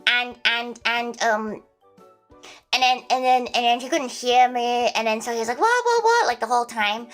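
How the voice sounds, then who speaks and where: A woman's voice: fairly high pitch, flat delivery, normal speed, a bit bright, soft background music. A young woman with an Australian accent telling a rambling story casually on a livestream, full of restarts and fillers.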